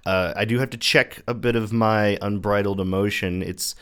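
A man's voice: fairly low pitch, fairly even intonation, normal speed, fairly bright tone, clean tone. A man co-hosting a casual film podcast, talking in an earnest, self-aware way. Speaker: podcast co-host. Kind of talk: casual chat.

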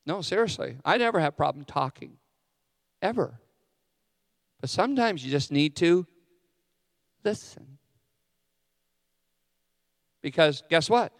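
A man's voice: a little high, lively intonation, unhurried, pauses often, studio quality. A middle-aged man preaching a sermon as a pastor, candid and self-deprecating in his asides. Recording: long hall reverb.

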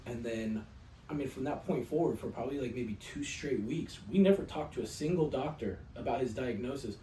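A podcast co-host chats loosely, a profane, rambling storyteller trailing off into long, swear-filled anecdotes. He sits back from the mic in a roomy space with a faint hum behind him, his medium-pitched voice dark in tone and a little fast.

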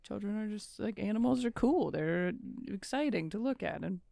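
A woman in her thirties chats casually as a podcast guest. She tells stories and acts out the quotes, and her voice has a gravelly, fry-edged texture. The recording is dry and close. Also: medium pitch, expressive, normal speed, warm tone, dry recording. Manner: chatty storyteller, acts out quotes. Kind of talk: casual chat.

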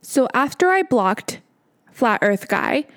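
A woman in her late twenties, hosting a podcast and telling a story in casual chat. She talks in an animated way, swears freely and acts out exasperated quotes. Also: on the high side, slow pace. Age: 20s. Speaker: podcast host.

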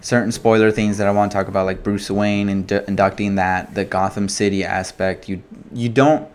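A man hosting a casual solo commentary, talking in an animated way with lots of swearing, fillers and restarts. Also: fairly low pitch, fairly quick. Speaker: podcast host.

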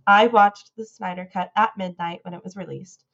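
A woman co-hosting a casual podcast, talking in excited, rambling fan rants. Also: medium pitch, moderate pace, gravelly, highs cut off. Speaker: podcast co-host.

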